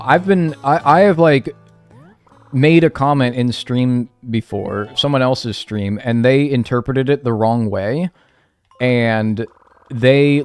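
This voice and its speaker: A man's voice: medium pitch, no echo. A man chatting casually on a live stream, rambling and joking at his own expense. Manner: rambling, joking, self-mocking.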